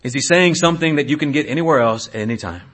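A man in his thirties, a pastor preaching a sermon, swinging between hushed asides and loud exhortation. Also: medium pitch, expressive, fast.

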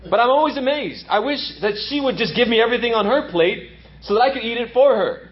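High, lively emphatic male preacher. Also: quick pace, dull audio. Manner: emphatic preaching, repeats lines for effect. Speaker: pastor. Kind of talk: sermon.

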